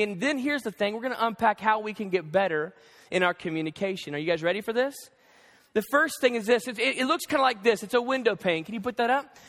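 A male pastor preaching a sermon, animated and conversational, acting out bits of dialogue. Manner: animated, acts out dialogue with shifting pitch. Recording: long hall reverb.

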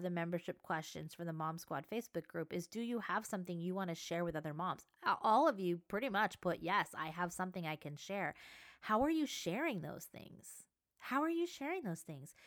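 A woman's voice: medium pitch, no echo, clean studio sound. A woman, hosting a faith podcast in a chatty, conversational way full of fillers. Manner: chatty, conversational, many fillers and self-quotes. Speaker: podcast host. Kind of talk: casual faith podcast talk.

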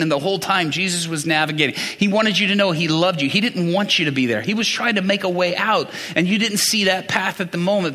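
Bright-voiced preacher man in a reverberant hall. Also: high-pitched. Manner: asks the congregation questions, talks through Bible passages. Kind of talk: conversational sermon.

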